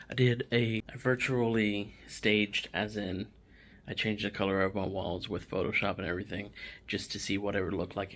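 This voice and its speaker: A man's voice: lowish voice, little pitch movement, normal speed, fairly bright tone, slight background noise. A young man, casually touring his home office in a vlog, his breathing audible as he talks.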